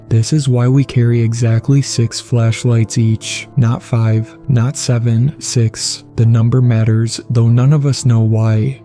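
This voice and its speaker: A man reading a first-person horror story in a grave, measured way. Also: mid-range voice, warm tone. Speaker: narrator. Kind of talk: scripted horror narration.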